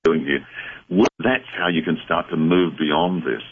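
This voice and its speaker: A man speaking as a psychic medium guest on a talk radio show, explaining in a measured, reflective way. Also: a bass voice, steady tone, husky. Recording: phone-line sound.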